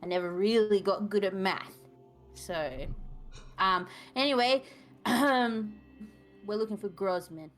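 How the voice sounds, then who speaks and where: A woman's voice: mid-range voice, slow pace, pauses often, faint music behind. A woman player in a tabletop game, narrating her character's actions in a hesitant, jokey, self-mocking way. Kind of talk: casual tabletop play.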